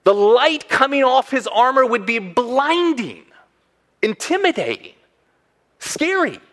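A man preaching a sermon as a pastor, animated and acting out the voices he quotes. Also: extremely high pitch, slow.

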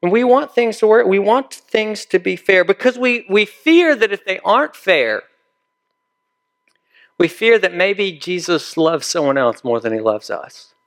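A man with a high, fairly bright voice, a pastor, preaches a sermon in a conversational style, frequently putting questions to his listeners.

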